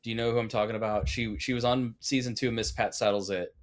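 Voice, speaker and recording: A young adult man co-hosting a podcast in casual chat, chatty and quick to laugh. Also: medium pitch, fairly even intonation. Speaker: podcast co-host.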